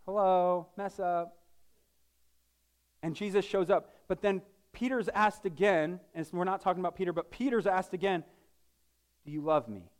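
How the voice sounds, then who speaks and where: A man's voice: high voice, fairly even intonation, normal speed, smooth. A male pastor preaching a sermon in a casual, joking way, often restarting his sentences.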